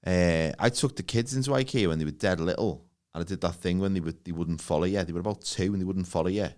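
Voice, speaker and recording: A man's voice: low-pitched, fast, darkish tone. A man co-hosting a podcast in casual, jokey chat, swearing freely and acting out voices in his stories. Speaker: podcast co-host.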